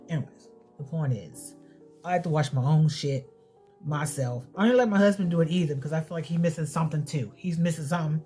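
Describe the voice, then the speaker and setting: Low-voiced woman, blunt vlog chat. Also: brisk, darkish tone, soft background music. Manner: blunt, swears freely, repeats herself. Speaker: beauty and family vlogger.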